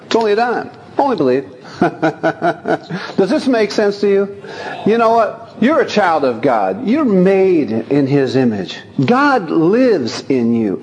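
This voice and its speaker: A man preaching a sermon in a folksy, lively way, chuckling as he talks and reading scripture aloud. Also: on the high side. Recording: long hall reverb.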